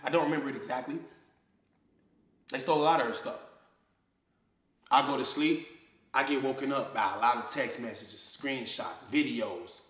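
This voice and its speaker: A man's voice: on the high side, fairly bright tone, roomy sound. A man on a clip, ranting in a heated, accusing way and throwing around slang as he calls someone out. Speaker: social media personality. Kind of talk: confrontational rant to the camera.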